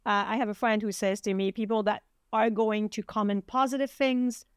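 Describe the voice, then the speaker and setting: A woman's voice: mid-range voice, moderate pace, clear, resonant tone, dry recording. A middle-aged woman with a French accent. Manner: animated, acts out quoted voices. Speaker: podcast host, acupuncturist. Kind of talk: casual interview chat.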